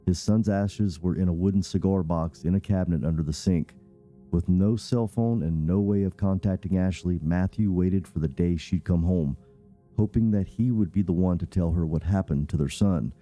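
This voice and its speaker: Deep dark-voiced true-crime narrator. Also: male voice. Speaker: podcast host and narrator.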